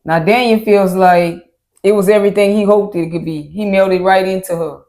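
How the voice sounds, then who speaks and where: A woman's voice: medium pitch, fairly even intonation, normal speed, a little mellow. A woman co-hosting a reaction show, recapping an episode in casual chat and acting out what the people said. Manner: laid-back, acts out quotes from the episode.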